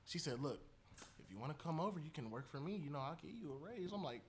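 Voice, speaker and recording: A young man with a fairly high voice tells stories in a loose, slangy way. He laughs a lot as he talks. This is a relaxed chat among friends. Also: quick pace, a little hiss or hum. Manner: slangy storytelling, laughs often. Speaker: podcast co-host. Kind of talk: casual chat.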